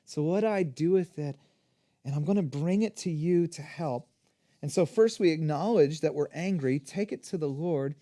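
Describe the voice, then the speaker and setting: A man preaching a sermon as a pastor, in an energetic, conversational teaching manner. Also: high-pitched, moderate pace.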